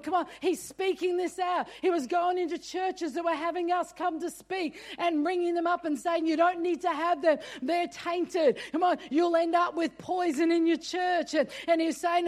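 Woman, pastor, sermon, high voice, emphatic, repeats "come on".

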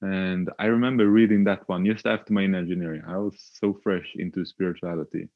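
Deep-voiced man, hesitant storytelling. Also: steady tone, no echo, narrow, tinny audio. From Sweden. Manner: hesitant, halting, with frequent filler sounds. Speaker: podcast guest. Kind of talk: reflective personal storytelling.

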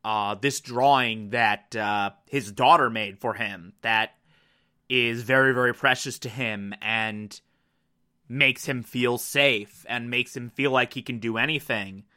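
Giggly man with a bright voice. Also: medium pitch, steady tone, slow pace. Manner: keeps breaking into laughter, swears casually. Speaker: TV episode reviewer. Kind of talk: casual episode recap.

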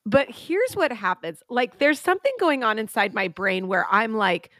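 A woman co-hosting a podcast, telling a story in casual chat, animated and full of restarts. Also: fairly high pitch, moderate pace, no room sound, studio quality. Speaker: podcast co-host and preacher.

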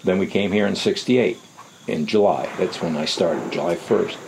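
An older man being interviewed, telling rambling, unhurried anecdotes and acting out the voices of people he quotes. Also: low voice, vocal fry, a little mellow, slight background noise, poor audio. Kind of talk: casual anecdotal storytelling.

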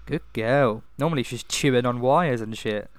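Young man, crisp dry sound. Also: mid-range voice, normal speed, no room sound. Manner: swearing, laughing, banter. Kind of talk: casual chat.

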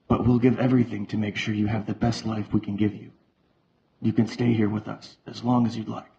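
Narrator as a reassuring uncle, low gravelly voice, slightly muffled. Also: male voice, level tone, brisk, mellow. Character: caring uncle, warm and reassuring.

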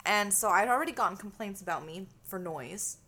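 A woman from Canada chats casually as a podcast co-host, telling stories with lively energy and frequent swearing. Her voice sits at a middle pitch. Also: brisk. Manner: animated storytelling, swears freely. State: itchy. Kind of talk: casual chat.

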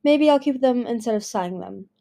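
A woman voicing a cold, sharp-tongued female dragon who snaps at her younger sister. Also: fairly high pitch, expressive, fairly quick, vocal fry, voice pushed up. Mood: curt. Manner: snappish, acerbic.

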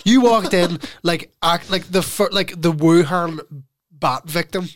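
A young man, hosting a casual podcast and telling an animated story with frequent laughs. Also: high-pitched, measured pace. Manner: animated storytelling, laughs often, calls friend "lad". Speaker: podcast host. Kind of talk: casual chat.

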